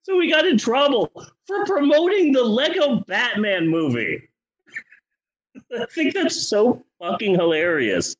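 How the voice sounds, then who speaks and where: A man co-hosting a comedy movie-review podcast, talking in a profane, sarcastic, animated way. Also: very high voice, a little slow, dull audio. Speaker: podcast co-host.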